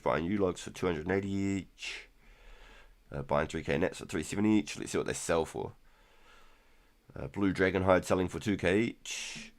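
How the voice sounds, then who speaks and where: A man in his thirties casually chatting through a live game stream, relaxed and rambling, with keyboard clicks behind him. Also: low-pitched. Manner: relaxed, rambling, repeats words. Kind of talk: casual gameplay commentary.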